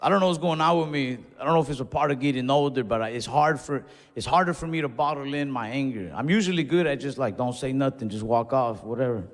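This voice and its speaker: A young male stand-up comedian with a medium-pitched voice talks fast through casual, conversational stories with Spanish asides. The setting is a comedy club stage with a laughing audience, and the sound comes from a live stage mic with long hall reverb.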